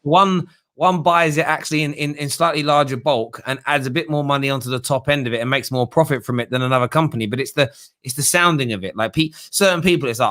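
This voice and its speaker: A man's voice: fairly high pitch, fast, a bit bright. A young man hosting a football fan show, chatting casually with callers and mocking others in whiny put-on voices.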